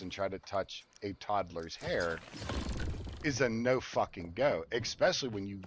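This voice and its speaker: A man's voice: mid-range voice, lively intonation, a little slow, a little hiss or hum. Blunt, profane man streaming a game. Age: adult parent. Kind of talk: casual chat while gaming. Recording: game sounds and gunfire behind. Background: game ambience and gunfire.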